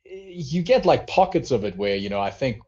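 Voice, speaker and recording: A man's voice: mid-range voice, sing-song, moderate pace, darkish tone, lo-fi sound. A man co-hosting a wrestling podcast in casual chat, rambling through stories with many fillers. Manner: rambling, filler-heavy storytelling. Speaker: podcast co-host.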